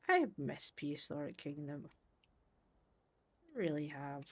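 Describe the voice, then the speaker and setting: A woman streaming a game, chatting casually and thinking aloud, with sudden bursts of excitement. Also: deep voice, unhurried, husky. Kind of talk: casual livestream commentary while playing.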